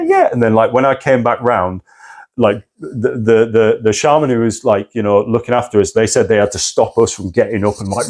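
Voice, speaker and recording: A man's voice: fairly low pitch, a little mellow. A man recounting a personal crisis as a podcast guest, intense and swearing often. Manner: intense, swears often, acts out his own past cries. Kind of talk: candid personal story.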